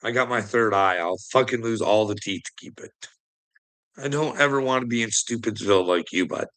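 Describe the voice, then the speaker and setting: A man's voice: on the low side, brisk, fairly bright tone. A man ranting to his live chat in a sarcastic, mocking way, swearing heavily and often breaking into laughter. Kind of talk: profane livestream rant to chat.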